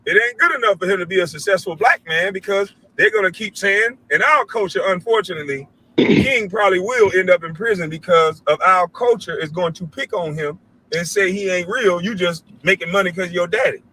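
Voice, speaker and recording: On his show, a middle-aged host launches into a heated, preachy rant full of swearing, his voice high, bright, and cutting. Occasionally he imitates others in a still higher pitch. He talks a little fast over a rough recording.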